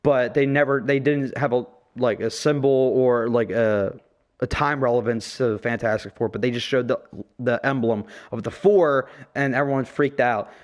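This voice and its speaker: A man's voice: mid-range voice, steady tone, normal speed. A man hosting a casual podcast, ranting profanely and with strong opinions. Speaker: podcast host.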